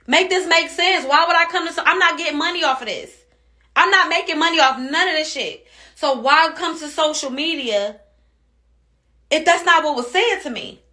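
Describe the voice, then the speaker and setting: A woman's voice: high voice, normal speed, bright, forceful tone. A woman venting as an angry mother in a social media rant, heated and cussing, repeating herself while upset.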